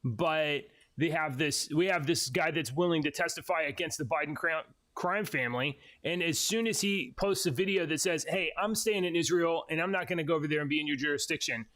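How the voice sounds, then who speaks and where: A podcast co-host with a fairly high, somewhat bright voice chats casually, hedging and arguing his points with many restarts.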